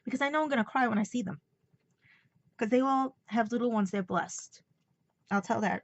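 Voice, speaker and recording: A woman's voice: fairly high pitch, brisk, long pauses, dry recording, muffled recording. A woman with a New York accent talking emotionally in a rambling personal vlog, holding back tears. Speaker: vlogger.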